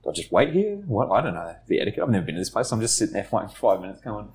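Laid-back man, low voice. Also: racing, darkish tone. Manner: laughing, self-deprecating, swears casually. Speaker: podcast co-host. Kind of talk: casual storytelling chat. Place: studio.

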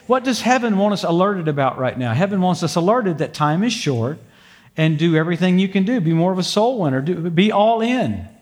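Folksy older male preacher, slightly high. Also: expressive, brisk. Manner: folksy, humorous storytelling with frequent praise interjections. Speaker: pastor. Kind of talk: sermon with prayer. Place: church sanctuary before a congregation.

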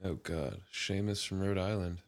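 Low gravelly dude on a podcast, talks slow, dry little comebacks. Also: male voice, no room sound. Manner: dry, short reactive comments. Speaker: podcast co-host. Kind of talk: casual chat.

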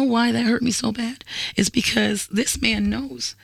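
A woman in her forties telling a story on a podcast in casual, animated, profane talk, acting out what others said. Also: on the high side, a little slow, vocal fry, breathy edge, no echo, studio quality. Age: 40s. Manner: animated, profane, acts out quotes. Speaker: guest.

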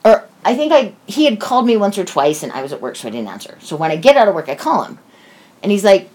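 A woman's voice: medium pitch, sing-song, quick pace, a little mellow. A woman casually telling a story, blunt and profane, with sarcastic asides.

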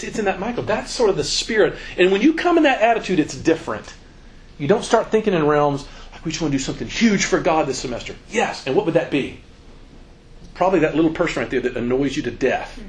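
A man's voice: on the high side, a little hiss or hum. A man giving an informal, joking talk to students as a campus minister, acting out quoted voices. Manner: animated, joking, acts out quotes.

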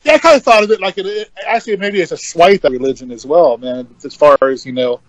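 An easygoing man chats on a podcast, pausing and hedging as he talks. His voice sits a bit high for a man, recorded close and dry. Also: no echo, poor audio. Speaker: podcast co-host. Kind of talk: casual chat about metal albums.

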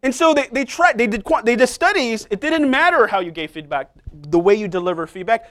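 A middle-aged man with a rather high voice delivers a sermon in a church. He tells personal stories in a loose, conversational, self-deprecating way. He often turns to the congregation with quick asides. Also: animated, a bit bright. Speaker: preacher.

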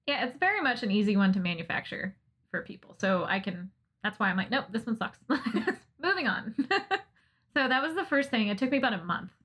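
An American woman in casual podcast chat, animated and laughing as she mock-rants about baking. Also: mid-range voice, brisk, husky. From United States. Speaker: podcast co-host, interviewee.

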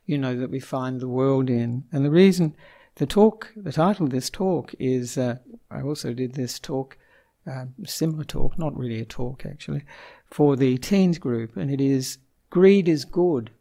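Man, Buddhist monk, Dhamma talk, conversational, mellow tone, gravelly. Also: medium pitch, moderate pace. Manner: conversational, asks the audience questions, chuckles often. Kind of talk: informal Dhamma talk to an audience. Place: Melbourne.

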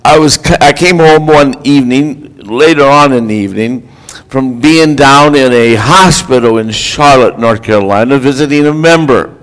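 A man's voice: mid-range voice, moderate pace, fairly bright tone, low-quality recording. A man preaching a sermon as a pastor, in an earnest, exhorting delivery.

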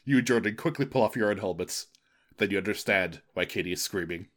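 A man's voice: fairly low pitch, fast talker, fairly bright tone. Wry man reading a gamebook aloud. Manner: wry, amused. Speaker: co-host, reader.

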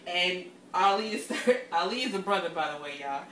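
A woman co-hosting a podcast from her kitchen, telling stories in a casual, animated way, laughing often and swearing freely. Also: lowish voice, normal speed, reverberant, distant mic, slight background noise. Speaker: podcast co-host. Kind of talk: casual storytelling chat. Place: home kitchen.

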